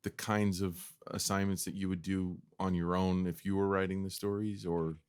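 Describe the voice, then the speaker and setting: Deep-voiced male co-host. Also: flat delivery, moderate pace, smooth. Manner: probing follow-up questions. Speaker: co-host interviewer. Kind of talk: interview questions.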